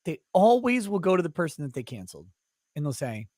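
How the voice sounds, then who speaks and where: A man in a mid-range voice, hosting a casual interview and ranting with quick indignation. His voice sounds dry and close, with no room echo. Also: fairly high pitch, big pitch swings, a little mellow. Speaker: host.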